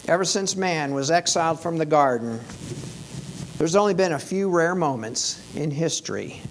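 A man's voice: on the high side, slight background noise, low-quality recording. A male preacher giving a sermon in a conversational, wry and emphatic way, losing his voice.

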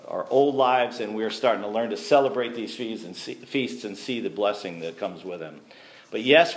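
A man teaching a sermon to a congregation, conversational and asking the listeners questions. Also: medium pitch. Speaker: messianic teacher. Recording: echoey room.

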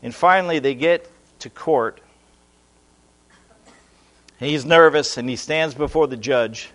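A middle-aged man preaching a sermon, telling a lively story and asking the congregation questions in a church. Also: on the high side, takes it slowly. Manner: animated storytelling, talks to the congregation.

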